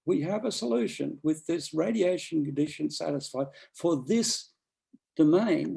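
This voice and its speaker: A man's voice: fairly high pitch, gravelly, dark tone, slightly rough, poor audio. A man giving an academic seminar talk, rambling with frequent restarts and fillers. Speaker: lecturer.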